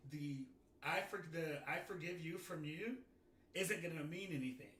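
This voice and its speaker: Bright-voiced man, distant and echoey. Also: a little high, normal speed, slight background noise. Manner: reflective, restarts often, laughs into his points. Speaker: podcast co-host. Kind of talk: casual chat.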